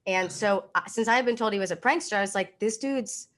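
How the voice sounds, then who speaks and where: A woman's voice: medium pitch, fast, fairly bright tone. A young woman co-hosting a podcast, telling a story in a chatty way with lots of "like". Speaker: podcast co-host, former sideline reporter.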